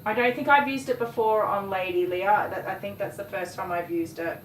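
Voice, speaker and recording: A woman's voice: medium pitch, fairly quick. A woman chatting casually and rambling while she works as a dog groomer on a livestream. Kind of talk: casual chat while working. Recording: roomy, distant mic, faint noise.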